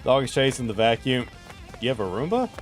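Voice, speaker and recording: A man's voice: mid-range voice, big pitch swings, fairly quick, music in the background. A man hosting a casual gaming stream, playful and teasing as he chats with viewers while playing. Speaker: streamer host.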